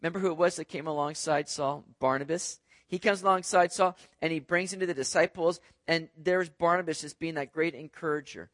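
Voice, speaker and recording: A man's voice: fairly high pitch, steady tone, brisk, hardly any pauses, a bit bright, no echo. A man preaching a sermon to a congregation in a conversational way, often checking in with "right?". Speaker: pastor. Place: church service.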